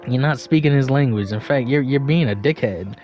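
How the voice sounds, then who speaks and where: Gaming on a livestream, a New Yorker with a medium-pitched, brisk voice rambles through casual, profane stories, laughing along. The recording is muffled, with faint background music.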